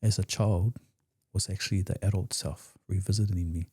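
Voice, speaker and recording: A man's voice: low voice, fairly even intonation, normal speed, a little mellow, slightly rough. A man with a New Zealand accent, a podcast guest telling his personal story in a raw, emotional way, swearing freely and re-enacting past conversations.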